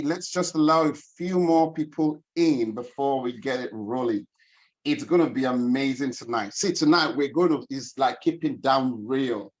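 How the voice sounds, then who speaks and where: Guy running a zoom webinar, chatty and upbeat, mid pitched, video call sound. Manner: upbeat, chatty, greets attendees by name. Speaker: financial coach hosting a webinar. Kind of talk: casual online webinar hosting.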